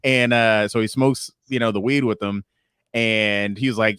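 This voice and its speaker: A male podcast co-host in casual chat, telling an animated story and acting out the voices of the people in it. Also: medium pitch, a little fast, smooth, dry recording, clean studio sound.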